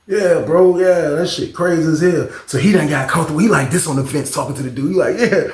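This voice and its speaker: A man telling a casual storytime tale, animated and profane, often repeating his own catchphrases. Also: on the high side, fast talker, roomy sound. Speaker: storyteller, channel host.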